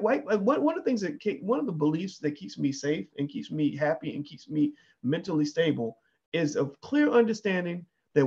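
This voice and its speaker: A man's voice: high voice, a little mellow, breathy edge, lo-fi sound. A man giving an emphatic opinion monologue, often asking 'right?' and restarting his sentences. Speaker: commentator.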